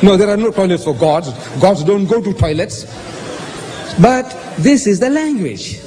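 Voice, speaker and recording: A man lecturing on Bible verses, animated, quoting passages and posing rhetorical questions. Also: sits high, measured pace, slight background noise. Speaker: lecturer on scripture. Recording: hall reverb with faint ambience.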